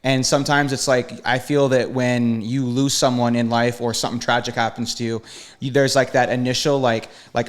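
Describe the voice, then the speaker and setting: A man's voice: medium pitch, little pitch movement, normal speed. A man co-hosting a podcast, speaking reflectively in casual chat, with frequent fillers. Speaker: podcast co-host.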